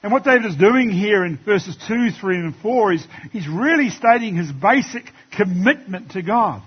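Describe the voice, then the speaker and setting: A man's voice: sits high, animated, moderate pace, breathy edge, muffled recording. A man preaching a sermon in church, talking conversationally to the congregation and reading scripture aloud. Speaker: pastor.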